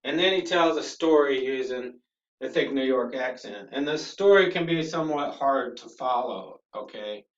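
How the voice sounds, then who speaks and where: A man's voice: medium pitch, moderate pace. A man teaching a class, explaining things patiently and often checking in with "okay?". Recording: echoey room from a distance, dull sound.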